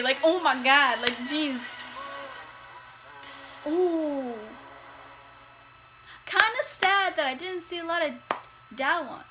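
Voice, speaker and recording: Gushing, squealing and laughing, a young woman gives excitable commentary while watching a music video. She speaks high with lively intonation at a measured pace, pausing often, her tone sharp and the audio poor. Faint music from the clip runs underneath.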